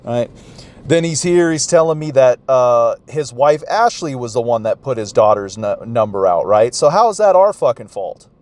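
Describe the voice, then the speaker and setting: A man's voice: mid-range voice, expressive, normal speed, a little mellow. A man vlogger telling a story in a profane, rambling rant. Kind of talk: ranting recount.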